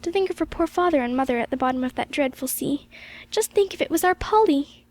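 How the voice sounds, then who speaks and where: A woman's voice: sits high, animated, quick pace. A woman reader voicing a tender-hearted, motherly village woman who sighs out her worries in emotional exclamations. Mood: distressed.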